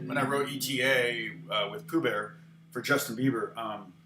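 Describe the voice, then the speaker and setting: A man's voice: mid-range voice, steady tone, moderate pace. Chatty American man teaching guitar. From United States. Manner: rambling, chatty, answers viewer comments. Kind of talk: casual livestream guitar lesson. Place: home studio. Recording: echoey room with guitar playing.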